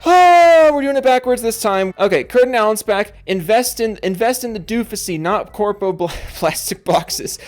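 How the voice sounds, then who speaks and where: A young man talks straight to camera in a casual gaming vlog, his voice sitting a little high and swinging between indignant outbursts and worn-out mumbling. He swears freely as he rants. Faint music plays underneath. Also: normal speed, hardly any pauses. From Seattle area, USA. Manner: animated, swinging between heated yelling and tired mumbling. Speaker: gaming commentary host. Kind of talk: casual solo vlog rant and member shoutouts.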